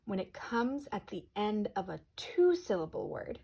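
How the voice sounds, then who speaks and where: A woman teacher giving a recorded spelling lesson to children, patient and clear, slowing down on example words. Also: mid-range voice, very animated, warm tone.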